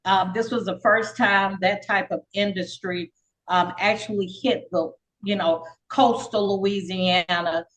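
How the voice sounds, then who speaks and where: An older woman, a podcast guest, telling her life story in a casual, lively way and acting out the voices of people she quotes. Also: mid-range voice, a little slow, rough recording. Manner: lively, acts out quoted dialogue; frequent fillers and repeats.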